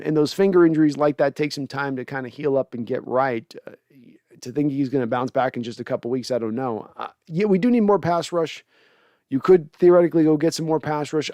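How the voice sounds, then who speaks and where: A man's voice: medium pitch, a little mellow, clear, resonant tone, dry recording, studio quality. Exasperated, rambling male sports podcast host. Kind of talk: casual post-game reaction livestream.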